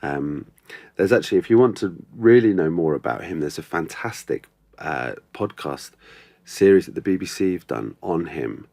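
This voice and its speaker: Deep-voiced man musing in an interview. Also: expressive, normal speed, vocal fry, mellow, dry recording. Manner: thoughtful, restarts often, many ums. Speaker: actor, podcast guest. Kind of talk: casual interview chat.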